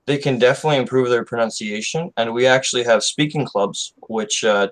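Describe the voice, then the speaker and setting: Man, native English speaker, casual co-host, relaxed, joking. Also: medium pitch, low-quality recording. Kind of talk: casual chat.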